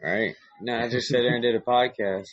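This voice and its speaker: A man's voice: mid-range voice, fairly even intonation, brisk. A middle-aged man with a Southern US accent, a podcast host in casual chat, laid-back and swearing a lot. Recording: dull, muffled dry recording.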